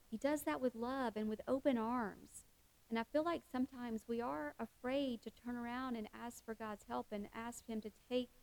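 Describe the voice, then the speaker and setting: A woman's voice: on the high side, vocal fry, darkish tone, low-quality recording. A middle-aged woman giving a heartfelt devotional talk, earnest, with many fillers and restarts. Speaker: Christian speaker.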